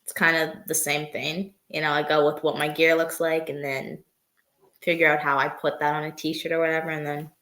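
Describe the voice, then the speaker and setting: Low-voiced woman, echoey room. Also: little pitch movement, normal speed, a bit bright. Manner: easygoing, heavy use of "like" and "um". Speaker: guest wrestler. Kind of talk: casual interview chat.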